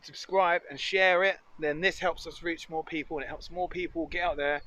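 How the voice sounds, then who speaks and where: A man's voice: a little high, steady tone, moderate pace, pushed and bright, a little hiss or hum. A man chatting casually and cheerfully while cooking outdoors for a foraging vlog. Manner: chatty, upbeat, muses aloud. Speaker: foraging vlogger. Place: outdoors in nature.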